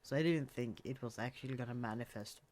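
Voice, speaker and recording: A man's voice: mid-range voice, fast, a little mellow. A man co-hosting a podcast, chatting casually about a movie and often restarting his phrases. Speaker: podcast co-host.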